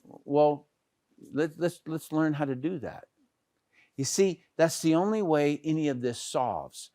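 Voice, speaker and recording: A man's voice: a little high, a little slow, dark tone, no echo, studio quality. A middle-aged man giving a casual training talk on network marketing, chatty, with many fillers and restarts. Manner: conversational, many fillers and restarts, pointing with "here".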